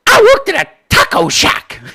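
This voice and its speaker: A man voicing a mocking impression of a whiny young woman politician in a sneering falsetto. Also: huge pitch swings, moderate pace, creaky, sharp tone, full character voice.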